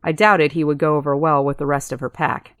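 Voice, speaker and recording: A woman's voice: fairly even intonation, a little fast, dry recording, clean studio sound. A woman reading a first-person story as an audiobook narrator, switching into character voices for dialogue. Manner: voices characters with pitch lifts.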